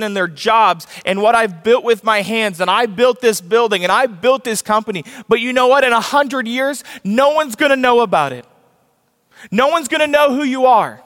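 High-voiced man preaching in a reverberant hall. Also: a bit bright. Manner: storytelling, rhetorical questions to the room. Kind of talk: sermon.

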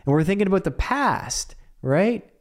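A man's voice: sits high, very animated, normal speed. A man hosting a solo podcast, talking casually in a rambling, self-mocking, jokey way with frequent laughs. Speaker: podcast host.

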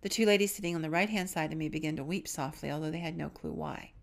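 A middle-aged woman co-hosting a podcast, telling a personal story in an earnest manner that sometimes drops to a hush. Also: deep voice, fast talker, gravelly. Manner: earnest, hushed drops into whispers at tense moments. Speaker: podcast co-host.

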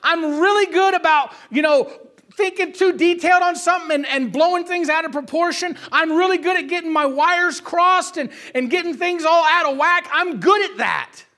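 A man preaches a sermon in a very high voice. His tone is bright and forceful. He swings between loud, emphatic calls and quiet asides, often asking the room for an amen. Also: normal speed.

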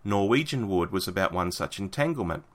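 This co-host's voice is low-pitched with lively intonation, moving a little fast. In a casual podcast chat he reads book passages aloud and discusses them afterward, with fillers and restarted phrases.

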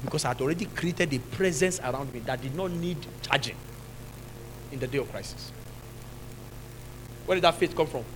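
A man with a Nigerian accent preaching a sermon as pastor, now and then shouting and laughing with the congregation. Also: on the high side, moderate pace, long pauses, noisy background.

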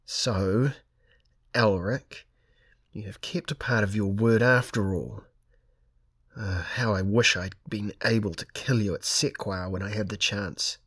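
A man's voice: fairly low pitch, fairly even intonation, moderate pace, slightly rough. A man reading aloud and voicing an enraged, sneering male theocrat in an audiobook. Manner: sneering, bitter. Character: haughty male theocrat, seething with rage.

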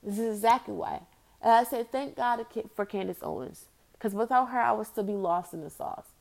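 A woman's voice: on the high side, moderate pace, vocal fry. A young woman vlogging an opinion rant, blunt and exasperated, firing off rhetorical questions. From United States.

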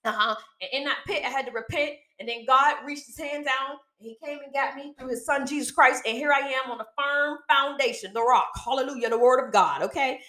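A woman's voice: high voice, a little fast, hardly any pauses. A woman hosting her own small ministry podcast, preaching in a casual, slangy chat and often checking in with "okay?". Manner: animated, repeats herself, asks "okay?" often; slangy, down-to-earth. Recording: echoey room.

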